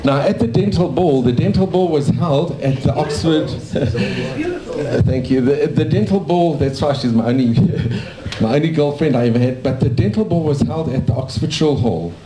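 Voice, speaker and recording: A man's voice: a little high, expressive, unhurried, hardly any pauses, crowd noise. A man in his sixties from South Africa, a dentist telling his life story in a cafe in a rambling, anecdotal way. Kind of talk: casual storytelling to a small audience. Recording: echoey cafe room.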